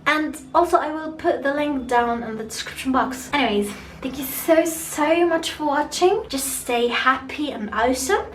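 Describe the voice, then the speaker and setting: Woman vlogging to camera, non-native English speaker, fairly high voice, earnest, echoey room, faint hiss. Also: normal speed. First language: not English. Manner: earnest, repeats and restarts words. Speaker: YouTuber. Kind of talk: casual vlog talk to camera.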